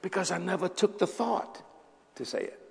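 A man in his seventies preaching a sermon, telling a personal story with lots of laughter and sudden loud bursts. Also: sits high, normal speed, creaky. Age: 70s. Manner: animated, laughing, bursts of shouting. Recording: echoey hall.

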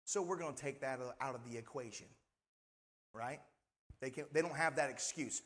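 A man's voice: medium pitch, moderate pace, long pauses, in a large hall. A male pastor preaching a sermon in a conversational manner, often asking the congregation for responses. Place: church sanctuary.

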